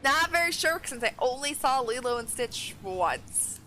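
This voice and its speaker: A woman streamer talks through her game in a casual, chatty way, her voice rising and falling with lots of life. Her pitch sits on the higher side, and steady background hiss runs under the stream audio. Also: unhurried, few pauses. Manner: chatty, reads game dialogue aloud. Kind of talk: casual gameplay commentary.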